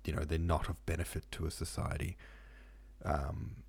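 Low-voiced man musing on a podcast. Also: level tone, normal speed, gravelly, husky. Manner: chatty and musing, with frequent ums and asides; reads listener comments and reference passages aloud. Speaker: podcast host. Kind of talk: casual book-club podcast discussion.

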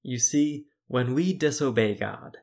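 A man preaching a sermon, retelling scripture in a deliberate, measured storytelling manner. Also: mid-range voice, a little mellow.

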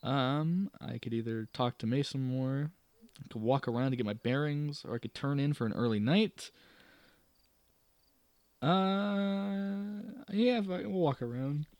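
A man's voice: medium pitch, a little slow, long pauses, no room sound, highs cut off. A man reading a gamebook aloud and musing over his choices, with self-deprecating asides. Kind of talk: casual reading and commentary.

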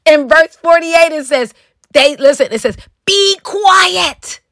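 A woman preaching on her podcast with a high, bright voice, pressing her points with fervent emphasis and breaking into shouts. The sound is close and completely dry, with no room around it. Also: normal speed, dry recording.

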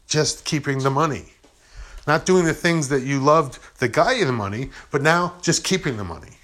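A man's voice: medium pitch, a bit bright. A middle-aged man hosting a podcast, giving an earnest, rambling spiritual monologue and acting out quoted voices. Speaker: podcast host.

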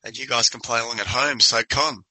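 Bright-voiced man teasing his co-hosts. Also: mid-range voice, fairly quick, no room sound, poor audio. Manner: laughing, teasing quizmaster. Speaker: podcast co-host. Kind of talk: casual banter.

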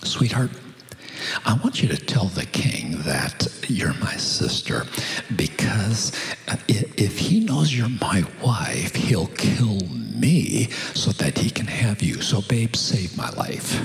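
A man's voice: on the low side, sing-song, slow, creaky, roomy sound, big-room sound, soft background music, full character voice, poor audio. A man voicing a scheming husband who urgently coaxes his wife to lie and save his life. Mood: pleading.

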